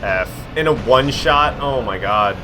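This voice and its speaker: A young man chatting through a live game stream, quick to get frustrated and poking fun at himself. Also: mid-range voice, animated, over music. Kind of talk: casual live-stream commentary.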